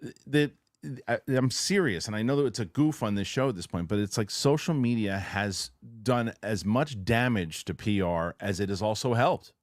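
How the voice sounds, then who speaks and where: A low-pitched man hosts a loose news-reaction chat, riffing with quick asides and frequent restarts. His voice sits close and dry on the mic, with no room sound around it. He sounds conversational and unscripted. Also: dry recording. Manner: rambling, animated, loose with restarts. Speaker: show host.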